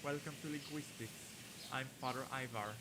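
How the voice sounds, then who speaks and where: A man voicing a priest teacher, hushed, smooth, confident, game character. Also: mid-range voice, moderate pace, background noise, close to an everyday voice. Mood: welcoming. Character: soft-spoken confident male priest teacher.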